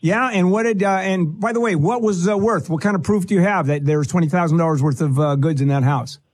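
A fairly high-pitched man with a husky, slightly rough voice hosts a call-in legal advice show. He is blunt and impatient, interrupts often, and keeps pushing the caller to get to the question. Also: brisk, no room sound. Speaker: legal advice radio host.

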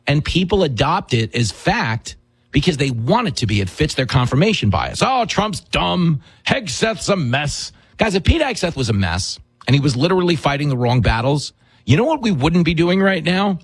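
A man's voice: medium pitch, slightly rough, dry recording, poor audio. A man hosting a talk show, delivering combative, rhetorical political commentary with mocking asides.

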